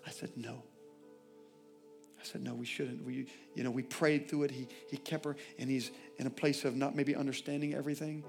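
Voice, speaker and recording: A male pastor preaching a sermon, swinging from loud, impassioned declarations to quiet, intimate asides. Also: mid-range voice, little pitch movement, fast, few pauses, faint music behind.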